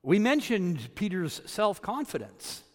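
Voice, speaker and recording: A man from Canada preaching a sermon. He swings between loud, emphatic peaks and quiet asides. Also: sits high, sing-song, slow pace, long reverb tail. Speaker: pastor.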